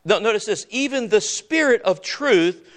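A man preaching a sermon, asking his congregation questions and waiting for their answers, slowing down on key words and dropping low and quiet to stress a point. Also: lively intonation. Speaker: pastor.

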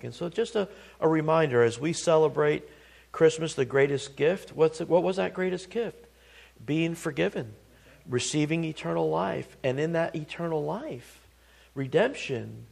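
A man's voice: mid-range voice, creaky. A male pastor preaching a sermon, reading scripture aloud and speaking earnestly, often restarting his phrases. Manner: earnest, with restarts and rising emphasis.

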